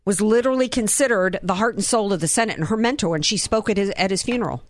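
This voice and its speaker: A woman's voice: medium pitch, fast talker, dry recording. Woman from the Southern US, political commentator, indignant, rhetorical questions, dry close sound. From Southern United States.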